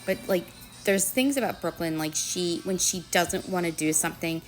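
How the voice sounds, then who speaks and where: A woman's voice: lowish voice, normal speed, faint music behind. Chatty woman telling a school story. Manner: chatty, rambling retelling full of "you know" and "like"; slips into quoted voices for others. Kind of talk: casual storytelling vlog.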